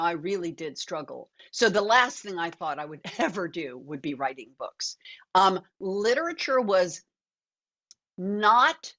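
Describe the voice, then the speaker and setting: An older woman, a guest actor and author, telling animated, reflective stories in a conversational interview over a video call. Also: medium pitch, dull audio.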